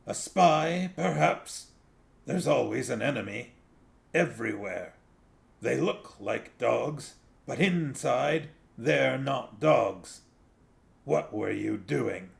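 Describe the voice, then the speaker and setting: A man voicing a fanatical male poodle who leads a street dog gang, in a shrill, ranting manner. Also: lively intonation, takes it slowly, vocal fry, heavily acted. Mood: suspicious.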